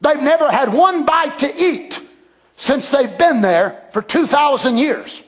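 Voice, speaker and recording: A man preaching a sermon with passion, dropping to a hush and then rising to shouts. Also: very high-pitched, lively intonation, measured pace. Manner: impassioned, swinging between hushed and shouted.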